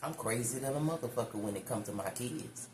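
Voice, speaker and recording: A woman tarot reader telling a story to her viewers in a chatty, animated, profane way, calling them y'all. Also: very deep voice, a little fast. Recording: echoey room with background noise.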